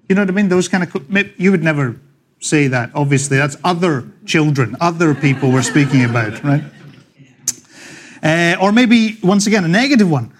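A middle-aged man with a Scottish accent preaching a sermon, chatty and joking with the congregation, reading scripture slowly and loudly. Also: fairly high pitch. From Scotland. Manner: slows and swells when reading scripture. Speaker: pastor. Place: church.

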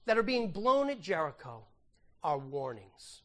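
A man with a notably high voice delivers a sermon in a church. He talks conversationally, acting out the story with playful asides and humor, like a pastor teaching his congregation. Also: very animated, normal speed, a bit bright.

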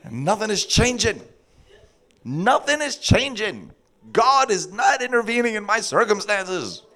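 A man preaching a sermon through a funny personal story, laughing often and acting out his own words in a high sing-song voice. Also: very animated, a little slow, bright, forceful tone.

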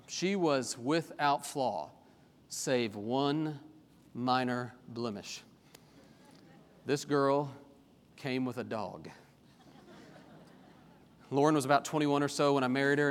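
Animated preacher in a hall. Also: male voice, medium pitch. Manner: animated preaching with humorous personal asides. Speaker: pastor. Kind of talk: sermon. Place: church sanctuary. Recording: long reverb of a large hall.

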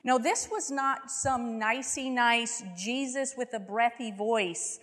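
A woman delivers a sermon at a slow, deliberate pace. Her voice sits a little higher than most. She paints scenes vividly and keeps asking her listeners rhetorical questions, and a long reverb trails behind her words as if she is in a big hall. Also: a bit bright. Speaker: preacher.

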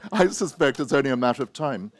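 A man, an author, giving a wry, anecdotal talk full of hesitant pauses and self-mocking asides. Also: medium pitch, lively intonation.

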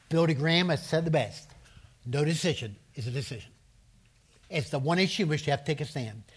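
Male preacher, somewhat high voice, emphatic sermon delivery that drills key phrases through repetition and call-and-response. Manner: emphatic, repeats key phrases, has the audience say verses aloud. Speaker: preacher and seminary professor.

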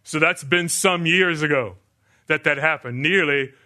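An older man delivers a sermon to his congregation. His voice is bright and forceful, sitting a little high. He keeps asking rhetorical questions and then answers them himself. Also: measured pace. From United States. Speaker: pastor.

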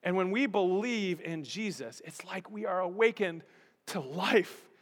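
A male pastor preaching a sermon with dramatic storytelling, dropping low and quiet, then swelling loud. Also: expressive, a little slow. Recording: long reverb of a large hall.

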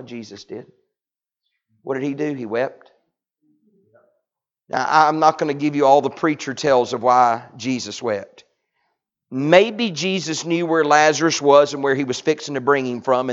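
A man, preaching a sermon that swings from loud to hushed. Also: mid-range voice. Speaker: pastor. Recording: dull lo-fi recording.

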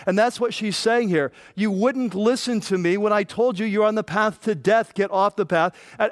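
A man preaching a sermon, reading scripture and acting out the voices in it with lively emphasis. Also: sits high, no echo, studio quality. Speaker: pastor.

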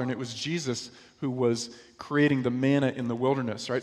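In a large hall, a medium-pitched male pastor from New York, USA gives a sermon that feels like conversation. He often turns to his audience with rhetorical questions.

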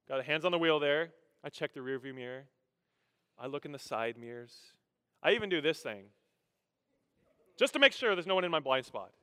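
Male pastor, sermon, animated storyteller, bright ringing voice, slightly high, echoey hall. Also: clean tone. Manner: storytelling, animated, humorous, with vocal sound effects.

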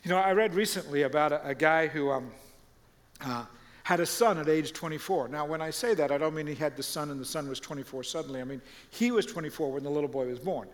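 A man preaching a sermon and retelling stories with lively quoted voices. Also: on the high side, fast, big-room sound. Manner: animated storytelling, acting out quoted voices. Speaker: pastor.

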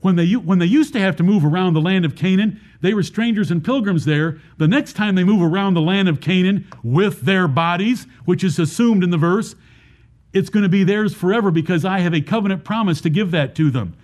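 A high-pitched man preaching a Baptist sermon. He explains scripture verse by verse and keeps putting rhetorical questions to the congregation. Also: fairly quick, darkish tone.

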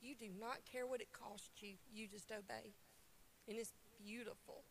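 A woman's voice: fairly high pitch, steady tone, normal speed, a little hiss or hum. A woman from a church worship team, crying as she gives emotional, heartfelt thanks.

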